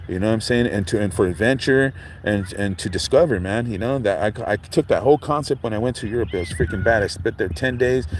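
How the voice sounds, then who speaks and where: A man from California, hosting a casual livestream outdoors by a lake and telling a story in a rambling, animated way full of fillers. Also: fairly low pitch, fast, a little hiss or hum, rough recording. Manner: rambling, animated, full of fillers like "you know what I'm saying". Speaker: livestream host.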